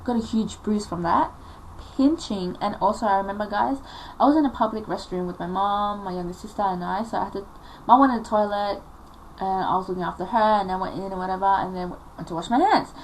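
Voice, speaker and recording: A woman's voice: medium pitch, brisk, slight background noise, poor audio. A woman in her late teens telling a personal story on a confessional vlog, emotional and rambling, full of filler likes. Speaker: vlogger.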